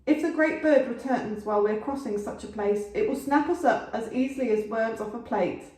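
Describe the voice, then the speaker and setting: A woman's voice: a little high, fairly quick, a little mellow, natural voice. A woman reading aloud as a band of frightened Viking men, fearful and pleading. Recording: echoey room, distant mic.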